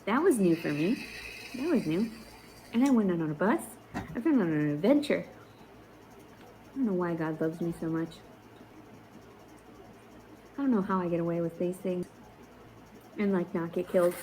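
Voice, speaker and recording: A woman's voice: lowish voice, lively intonation, moderate pace, pauses often, low-quality recording. A woman in a played clip, rambling casually about what she has been up to. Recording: clip played with loud crowd noise.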